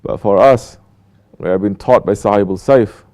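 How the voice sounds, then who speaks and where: A Sufi teacher delivers a spiritual talk as a sermon, speaking emphatically, asking many rhetorical questions and mocking the apologies he quotes. His voice is on the low side and mellow, at a normal speed.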